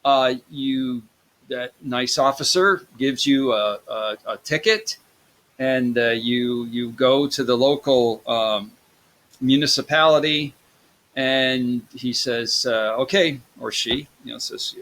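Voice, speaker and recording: A man's voice: medium pitch, slow pace, a bit bright. A man giving a casual, rambling psychology lecture, full of fillers and restarts. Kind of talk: recorded classroom lecture.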